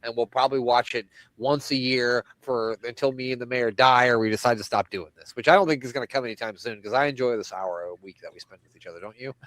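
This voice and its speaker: A man co-hosting a podcast in easygoing chat, swearing casually and laughing as he talks. His voice sits in a middle range, with a dry, close sound and no room around it. He keeps up a relaxed, rambling flow. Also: mid-range voice, fast, hardly any pauses, no echo. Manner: loose, profane, laughs often. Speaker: podcast co-host.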